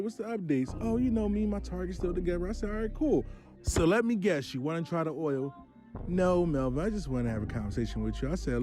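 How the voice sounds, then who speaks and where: A man's voice: on the high side, warm tone. A man hosting his own show, telling a long personal story and acting out both sides of the phone calls. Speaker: host. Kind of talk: storytelling monologue.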